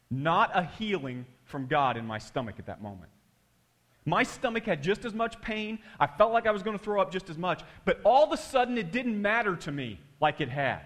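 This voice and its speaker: A man preaching a sermon through an animated, emphatic personal story. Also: on the high side. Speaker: pastor.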